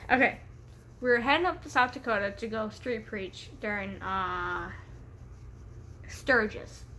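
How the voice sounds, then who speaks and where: A woman's voice: mid-range voice, measured pace, sharp tone, a little hiss or hum. A young woman telling a story in a casual vlog, hyper from caffeine, rambling, laughing often and swearing freely. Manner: giggly, rambling, profane, easily distracted. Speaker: vlogger. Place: home room with a pet bird.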